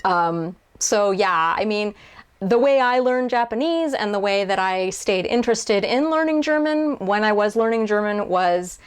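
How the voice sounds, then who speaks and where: A young woman, a YouTuber and translator, casually answers viewer questions on camera in a chatty, self-deprecating way, full of fillers and restarts. Her mid-range voice is animated and clean, and she keeps a measured pace.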